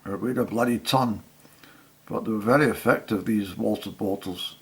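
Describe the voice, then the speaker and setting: Gravelly older man reminiscing. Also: on the low side. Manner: halting, full of restarts and fillers. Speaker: storyteller. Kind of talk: casual reminiscing.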